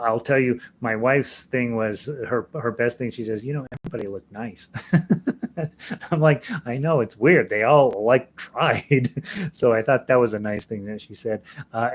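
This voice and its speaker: Chatty middle-aged male ukulele teacher. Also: fairly low pitch. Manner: rambling, chatty, frequent fillers and restarts, laughs often. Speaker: ukulele teacher hosting an online class. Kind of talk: casual live-stream chat reading viewer comments.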